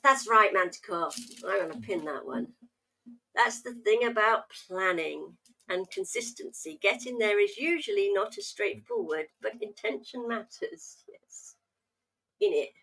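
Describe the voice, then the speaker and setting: A woman's voice: mid-range voice, animated, measured pace, vocal fry, pushed and bright. An Englishwoman hosting a livestream, chatting casually and teasing playfully with slang. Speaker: livestream host.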